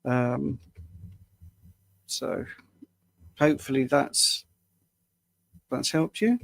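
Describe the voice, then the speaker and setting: A man's voice: mid-range voice, lively intonation, extremely slow, gravelly, fairly bright tone. A man from the UK, a health coach, answering viewer questions on a live stream in a casual, rambling way with small self-deprecating laughs, tired after a long day at the screen. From United Kingdom.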